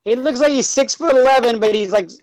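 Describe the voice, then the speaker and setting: A man's voice: very high voice, fast talker, darkish tone, dry recording, poor audio. A man joins a casual podcast chat and rambles through playful ideas, padding them with fillers. His voice is recorded dry and close, with no room sound.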